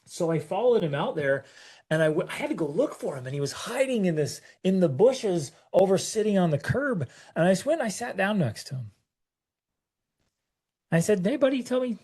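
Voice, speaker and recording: A man co-hosting a parenting talk, telling a personal story in a halting, emotional way, full of restarts and repeated words. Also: high-pitched, sing-song, a little mellow, slightly rough. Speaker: parenting show co-host.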